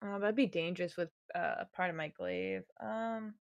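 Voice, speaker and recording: A woman's voice: on the low side, big pitch swings, moderate pace, dull audio, a little hiss or hum. A woman playing a tabletop game, giggly and hesitant as she thinks aloud. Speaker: player.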